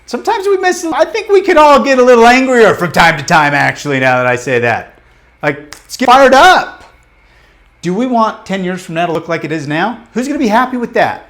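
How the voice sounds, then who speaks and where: A man coaching a live group in a motivational workshop, talking bluntly and emphatically, with casual swearing and rapid questions to the room. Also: sits high, fairly bright tone. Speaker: business coach leading a training.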